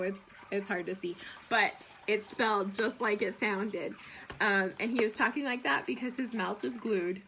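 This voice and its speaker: A woman teacher giving a gentle, encouraging remote homeroom lesson to young children. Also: medium pitch, slight background noise, low-quality recording.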